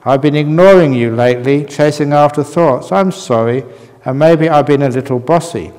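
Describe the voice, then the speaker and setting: A man voicing a high, blustering meditator. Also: normal speed, a little mellow, long reverb tail, lightly acted. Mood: flustered. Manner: blustering, pleading. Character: flustered, bossy meditator.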